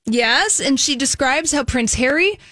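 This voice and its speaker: A woman co-host runs through celebrity gossip items at a brisk clip, quoting reports as she goes. Her voice sits a little high. It sounds close and dry, with no room around it. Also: expressive, pushed and bright, no room sound. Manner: reads news items briskly, quoting sources. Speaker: co-host reading entertainment news. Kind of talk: casual radio talk show chat.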